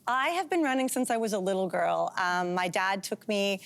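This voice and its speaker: A woman's voice: mid-range voice, animated, moderate pace, gravelly, smooth. A woman in her forties from Canada, a guest on a talk show, talking candidly with frequent fillers. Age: 40s. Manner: candid, chatty, with frequent um fillers and light laughs. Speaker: guest, pro distance runner.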